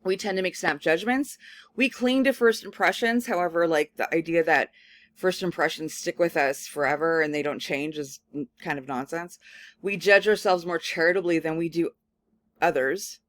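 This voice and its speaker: A woman professor giving a lecture, telling a personal story in a casual, animated way with many filler words. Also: fairly low pitch, moderate pace. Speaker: communication studies professor. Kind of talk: recorded lecture with personal anecdote.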